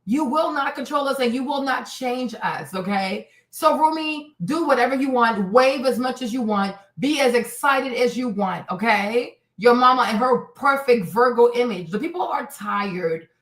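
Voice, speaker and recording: A woman's voice: a little high, expressive, moderate pace, few pauses. A woman hosting a reaction livestream, effusive and laughing often, talking straight to her viewers as "y'all". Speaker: commentary host. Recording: echoey room, distant from the mic.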